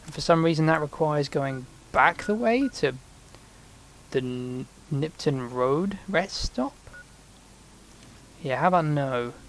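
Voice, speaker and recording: A man's voice: a little high, animated, slow pace, pauses often, slight background noise. A man giving rambling, sarcastic commentary while he plays a video game. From Britain. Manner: rambling, sarcastic, mutters to himself. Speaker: gameplay commentator.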